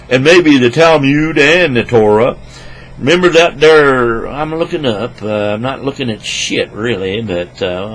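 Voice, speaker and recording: A man ranting crudely into a computer microphone at his home desk, rambling and swinging between loud outbursts and low mutters. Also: a little hiss or hum, rough recording. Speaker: vlogger. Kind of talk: rambling profane rant to camera.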